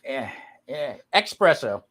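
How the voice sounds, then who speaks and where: A man's voice: medium pitch, slow pace. A man on a casual live video chat, telling jokey stories as a guest cook. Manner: animated, jokey storyteller. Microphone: video call.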